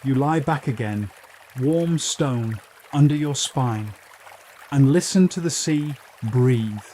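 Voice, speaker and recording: A man narrating a scripted sleep story about science in a calm, soothing, unhurried way. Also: medium pitch, a little hiss or hum.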